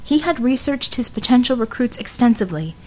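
A woman narrating an audiobook in a measured, scripted style. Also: on the high side, lively intonation, warm tone, slight background noise.

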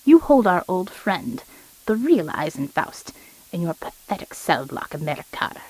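A woman's voice: fairly low pitch, sing-song, moderate pace, darkish tone, breathy edge, no echo, rough recording. Woman doing a cold German-accented male shapeshifter. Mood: menacing. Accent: clipped German. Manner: icy, threatening.

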